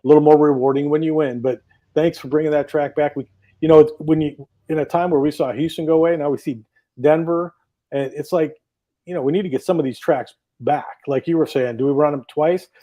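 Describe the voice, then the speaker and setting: A man's voice: a little high, steady tone, brisk, dark tone, muffled recording. Enthusiastic rambling man on a video call. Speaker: drag racing driver guest. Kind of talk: casual talk show interview.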